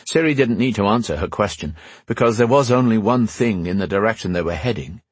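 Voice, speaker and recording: A male narrator reading a fantasy story with expressive, measured delivery. His pitch moves a lot and his voice is husky. The sound is dry and close. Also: no echo. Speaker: audiobook narrator. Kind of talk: scripted narration.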